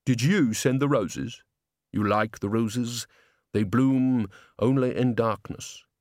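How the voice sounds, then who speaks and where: Brief: commanding masked phantom, voiced by a male narrator, slow, dry and close. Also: medium pitch, a little mellow, no echo, close to an everyday voice. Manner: measured, solemn. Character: mysterious masked male opera ghost, commanding.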